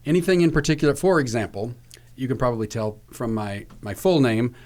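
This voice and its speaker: A man's voice: medium pitch, brisk, a little mellow. A man co-hosting a podcast, asking friendly follow-up questions in casual chat.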